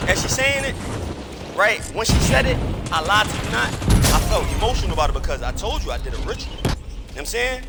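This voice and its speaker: A high-pitched man talks to his stream in a loose, emphatic storytelling way, circling back and repeating himself for weight. Loud game noise runs under his voice the whole time. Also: sing-song, quick pace. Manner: emphatic, repetitive, swears oaths. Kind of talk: casual storytelling while gaming.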